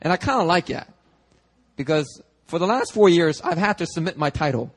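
A young man preaching from a church pulpit in a loose, chatty way, slightly higher-pitched than most men. He gets animated, breaks off into asides and restarts his sentences as he talks to the congregation. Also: normal speed. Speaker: pastor. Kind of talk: casual conversational sermon. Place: church sanctuary.

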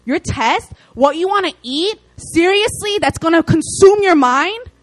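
A young woman preaching a casual, lively sermon, with chatty asides and playful acted quotes. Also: very high voice, measured pace, rough recording.

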